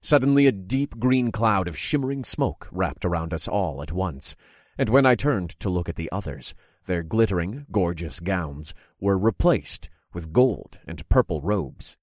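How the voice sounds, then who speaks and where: A man reading a first-person fantasy story in a steady, descriptive way. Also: deep voice, a little slow, no echo, studio quality. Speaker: narrator.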